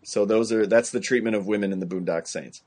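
Lowish-voiced guy on a movie podcast, dry sarcastic takes. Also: quick pace, darkish tone. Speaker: podcast co-host. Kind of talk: casual film chat.

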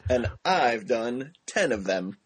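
A man hosting a casual film podcast with a husky, slightly rough voice. He sounds upbeat and playful, teasing his co-host and running through plugs at a brisk clip. His pitch sits in an ordinary middle range. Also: very animated. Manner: upbeat and jokey, rattling off plugs.

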